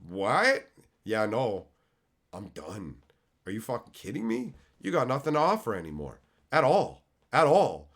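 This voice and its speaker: A man's voice: medium pitch, wildly swooping pitch, normal speed, gravelly. Swearing, ranting male streamer. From Canada. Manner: heated, sarcastic, swears constantly. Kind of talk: profane ranting.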